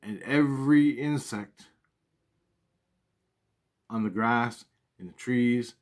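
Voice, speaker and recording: A man's voice: mid-range voice, slow, darkish tone. A man casually telling a personal spiritual story, swearing freely and talking in an earnest, conversational way.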